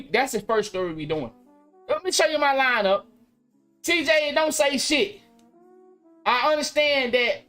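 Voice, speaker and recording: A man hosting a podcast live stream, telling stories in loose, animated casual talk full of slang and repeats. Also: high-pitched.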